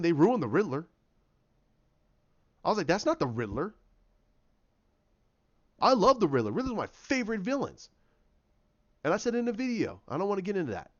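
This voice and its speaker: High-voiced man ranting with passion. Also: lo-fi sound. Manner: impassioned and repetitive, restarting phrases. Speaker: YouTube commentator. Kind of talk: opinionated solo rant.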